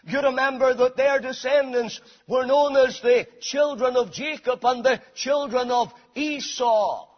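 A man preaching a sermon, reading scripture aloud and expounding it with slow, emphatic delivery. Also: very high voice. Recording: dull lo-fi sound in a reverberant hall.

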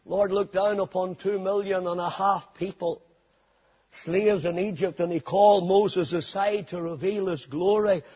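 A man preaching a sermon dramatically, swinging between hushed passages and shouted ones. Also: high voice, steady tone, unhurried, breathy edge. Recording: dull lo-fi sermon recording.

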